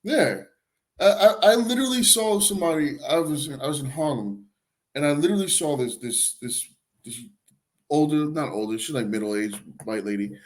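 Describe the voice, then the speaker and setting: A male podcast host telling a story in casual chat, animated, often repeating words as he starts sentences. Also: a little high, moderate pace.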